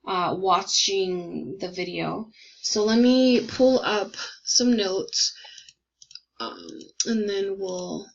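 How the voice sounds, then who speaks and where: A woman's voice: medium pitch, fairly bright tone, highs cut off. A woman teaching a poetry lesson, thinking aloud with many fillers while typing notes.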